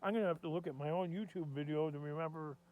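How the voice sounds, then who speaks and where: A man's voice: a little high, fast, narrow, tinny audio, noisy background. A man rambling in a casual vlog, chatty and self-deprecating, tired but running on caffeine. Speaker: scrap metal vlogger.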